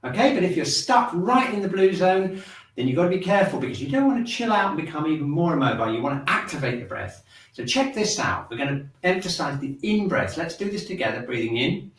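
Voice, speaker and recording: A man teaching a shiatsu breathing and movement class, guiding the listener calmly through each step. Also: fairly high pitch, fast. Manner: calm instructive, guiding along with the movements. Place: room in a shiatsu centre. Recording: roomy sound, mic at a distance.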